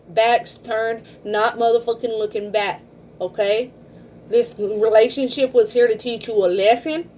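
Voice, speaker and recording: Woman tarot reader, fairly high voice, blunt and profane, slightly dull recording with faint hiss. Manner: blunt, swears freely, keeps checking in with "okay?". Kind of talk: casual tarot reading to camera.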